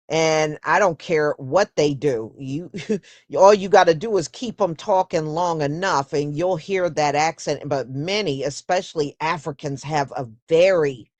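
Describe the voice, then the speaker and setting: A woman hosting a casual solo livestream, talking in an unhurried, conversational way and answering viewers with "mm-hmm" and "yeah". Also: deep voice, dry recording. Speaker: host.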